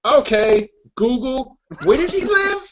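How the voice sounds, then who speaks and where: A man voicing a scheming male crime boss who gives offhand, breezy orders, in a high put-on voice on a muffled recording. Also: very animated, takes it slowly, fairly bright tone, full character voice. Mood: smug.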